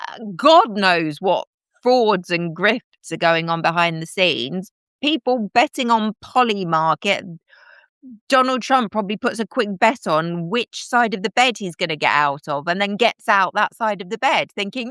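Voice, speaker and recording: A woman's voice: medium pitch, animated, unhurried, fairly bright tone, no echo, studio quality. A woman hosting a live stream, giving casual political commentary in a chatty, sarcastic way and talking to her viewers.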